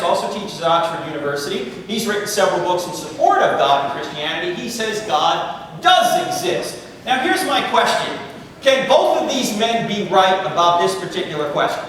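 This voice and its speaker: Middle-aged male speaker, higher register, wisecracking lecturer, booming hall reverb. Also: fairly bright tone, slight background noise. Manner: joking, conversational, quick asides to the crowd. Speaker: guest speaker. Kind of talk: humorous lecture to a live audience. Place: large university lecture hall. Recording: echoey hall, voice picked up from far off.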